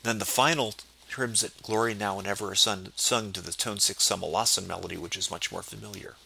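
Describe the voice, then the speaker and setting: Bright-voiced man explaining church chant. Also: on the low side, fairly even intonation, fairly quick, gravelly, slight background noise, rough recording. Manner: precise, explanatory, quoting liturgical texts. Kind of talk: spoken liturgical chant tutorial.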